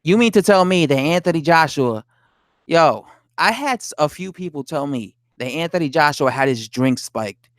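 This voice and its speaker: A man's voice: a little high, expressive, moderate pace, no room sound, clean studio sound. A man live streaming about boxing, reading viewer comments aloud and answering them, swearing and indignant. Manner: talks to chat, reads comments aloud, swears, laughs, indignant. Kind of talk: casual live stream chat.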